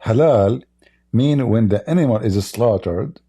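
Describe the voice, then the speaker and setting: A hoarse middle-aged man hosting a casual livestream chat. He mocks, chuckles often, and keeps coughing and clearing his throat as his voice gives out. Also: medium pitch, expressive, unhurried, mellow. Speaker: livestream debate host.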